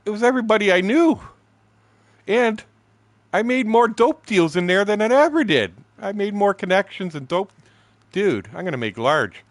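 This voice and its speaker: A man voicing his rowdy male friend, talking in an excited, crude way. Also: on the high side, moderate pace, few pauses, no room sound, pitched above the performer's own voice, heavily acted. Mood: gleeful. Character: brash, gleeful male buddy, a rowdy partier.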